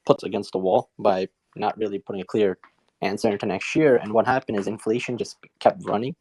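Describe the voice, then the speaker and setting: A man's voice: fairly low pitch, steady tone, brisk, darkish tone, husky, no room sound. A man hosting a casual audio chat, easygoing and hedging with "I think" and "uh". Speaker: host.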